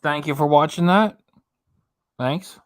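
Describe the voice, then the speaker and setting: A man's voice: a little high, slow pace, clear, resonant tone. A man casually commenting as host of a reaction channel, chatty and rambling, laughing often as he talks.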